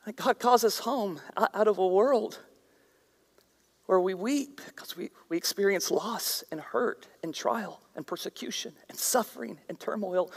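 A man preaching a sermon as a pastor, swinging from shouted emphasis down to hushed whispers. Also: high-pitched. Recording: reverberant hall, voice at times far from mic.

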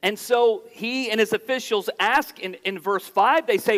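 A man preaching a sermon in a deliberate, explanatory way, often restarting phrases for emphasis. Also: high voice, a bit bright, big-room sound.

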